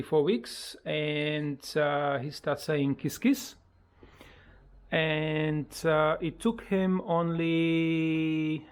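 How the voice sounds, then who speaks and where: Slow-talking parrot owner with sing-song coaxing. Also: clean tone. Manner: switches to high sing-song coaxing when talking to the bird; halting, with many fillers and simple grammar. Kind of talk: casual pet vlog.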